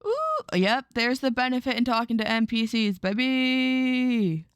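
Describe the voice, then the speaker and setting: A woman streaming a story game, chatting casually with a relaxed, quietly amused manner and casual swearing, into a close mic at home. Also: on the high side, a little slow, clean tone, no room sound. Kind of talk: casual let's-play chat.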